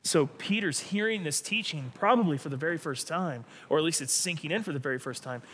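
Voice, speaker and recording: A man delivering a sermon as pastor, preaching in an animated, dramatic way with sudden emphatic bursts. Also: a little high, a little fast, a little hiss or hum.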